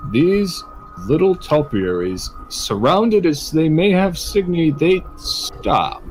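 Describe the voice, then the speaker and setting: A man running a tabletop game as game master, explaining rules and narrating in a measured way. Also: fairly high pitch, low-quality recording.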